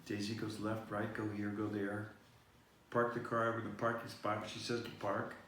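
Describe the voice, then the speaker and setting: A man's voice: lowish voice, monotone, normal speed, fairly bright tone. Rambling man telling a story in an echoey room. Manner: meandering, many fillers and restarts. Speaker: vlog host. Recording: echoey room, far-off mic, faint noise.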